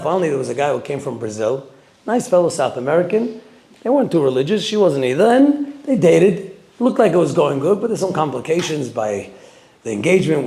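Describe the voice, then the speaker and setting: Gravelly New rabbi preaching. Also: male voice, a little high, echoey room. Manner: animated, swings between loud emphasis and quiet asides. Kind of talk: sermon with storytelling.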